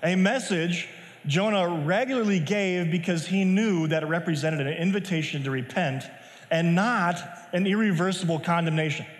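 A man's voice: high-pitched, moderate pace, big-room sound. A man giving a casual, conversational sermon as pastor, wandering into asides and restarting his sentences. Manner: conversational, digressive, many restarts.

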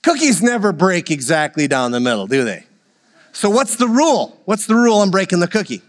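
A man's voice: high-pitched, very animated, fairly quick, long reverb tail. A man preaching a sermon, leading the congregation in call-and-response and joking with them. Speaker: pastor.

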